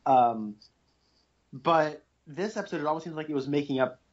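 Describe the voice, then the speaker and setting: Speaking at a moderate pace with a fairly high pitch, a podcast co-host chats casually about a TV episode. He's enthusiastic and rambling, full of filler words, on muffled lo-fi audio.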